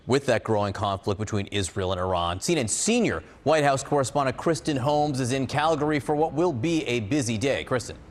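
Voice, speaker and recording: A man news anchor reading a scripted item in an even delivery. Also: mid-range voice.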